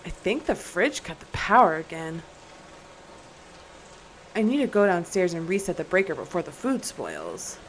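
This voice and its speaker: A woman's voice: fairly low pitch, very animated, moderate pace, pauses often, a little hiss or hum, low-quality recording. A young woman streaming a horror game, reading in-game text aloud and talking through her fear. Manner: jittery, scared commentary, reads in-game text aloud. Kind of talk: gaming livestream commentary.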